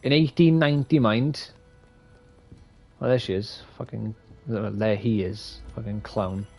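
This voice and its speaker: Male streamer, live game commentary: mellow tone, loose and profane, with faint music underneath. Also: on the low side, steady tone, unhurried. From Wales. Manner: rambling, profane, opinionated.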